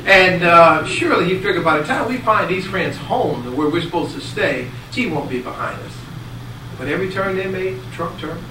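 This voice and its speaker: A man preaching a sermon, voice on the higher side, recorded from a distance in an echoey hall with steady background noise. He tells stories with acted-out quotes, swinging between loud bursts and hushed asides. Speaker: speaker giving a Bible talk. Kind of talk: sermon with storytelling. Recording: echoey hall, speaker away from mic, audible noise.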